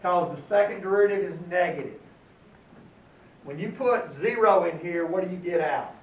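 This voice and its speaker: Speaking at a moderate pace, a high-voiced man gives a folksy math lecture, asking the class questions and then answering them himself. He is well back from the microphone in a classroom full of echo, and the lo-fi, dull recording carries a faint hiss.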